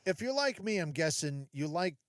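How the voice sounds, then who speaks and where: A man's voice: on the high side, very animated, normal speed, no echo, clean studio sound. A man hosting a solo podcast, chatty and jokey, talking straight to his listeners with lots of asides. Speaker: podcast host. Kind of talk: solo casual podcast monologue.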